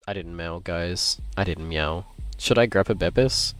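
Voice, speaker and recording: A man streaming a game live, chatting playfully and greeting his viewers with excitement. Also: low voice, moderate pace, no room sound. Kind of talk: casual livestream chat while gaming.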